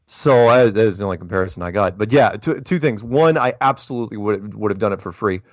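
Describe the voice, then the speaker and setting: A man hosting a casual call-in podcast, talking in an animated way with frequent chuckles and restarts. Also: on the low side, fast talker, no room sound, lo-fi sound. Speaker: podcast host.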